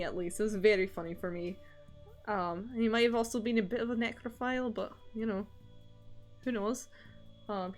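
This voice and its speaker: A young woman talks in a loose, wandering way, breaking into laughs between her thoughts. Her pitch and pace sit in the middle, unhurried and easy. Soft music plays faintly behind her. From Scotland. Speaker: streamer. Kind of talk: casual chat while drawing on stream.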